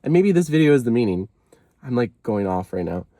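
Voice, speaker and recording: A man's voice: medium pitch, sing-song, a little fast, warm tone, dry recording, studio quality. A man talking casually to the camera in a confessional vlog, rambling, apologizing often and filling with "like". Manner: rambling, self-deprecating, full of "like" and apologies. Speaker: vlogger.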